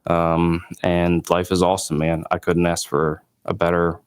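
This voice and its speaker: A man in his late twenties, a company founder, telling his story in an interview with lively quoted dialogue and many fillers. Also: low-pitched, a little slow, smooth.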